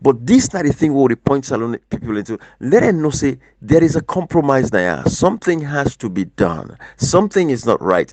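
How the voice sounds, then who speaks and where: A man's voice: mid-range voice, no room sound. Impassioned Sierra Leonean man, dry sound. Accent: Sierra Leonean Krio-English. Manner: impassioned, repetitive, rising to near shouting. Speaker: political commentator. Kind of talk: casual political discussion.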